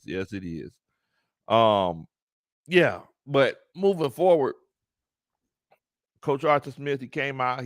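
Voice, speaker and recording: A man hosting a live sports talk stream, animated, laughing often and greeting his chat. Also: mid-range voice, no echo, studio quality. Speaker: sports talk show host.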